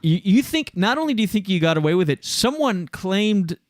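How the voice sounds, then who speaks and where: A man's voice: high voice, sing-song, fairly quick, dry recording. Man, podcast host, rambling storyteller, casual chat, dry close sound. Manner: rambling storyteller, lots of fillers. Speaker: show host.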